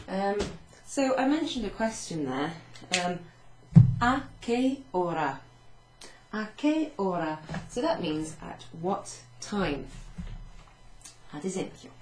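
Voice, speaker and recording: A Welsh-accented language teacher reviews Italian phrases at a whiteboard in her home, delivering a chatty, self-mocking recorded class summary. Her fairly low voice is creaky and darkish, and the camera across the room captures a rough, roomy recording with slight background noise.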